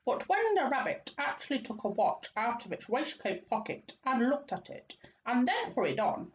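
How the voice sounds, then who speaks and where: Expressive woman reading a storybook. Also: on the high side, normal speed. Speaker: school reader. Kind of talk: reading a children's book aloud. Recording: dull lo-fi recording with faint noise.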